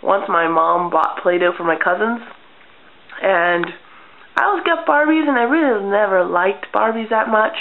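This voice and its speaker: A young woman vlogger telling childhood stories in a casual, deadpan way, acting out little scenes. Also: mid-range voice, normal speed, vocal fry. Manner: chatty, deadpan humor, acts out childhood scenes. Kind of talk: casual storytelling vlog. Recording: tinny lo-fi webcam audio.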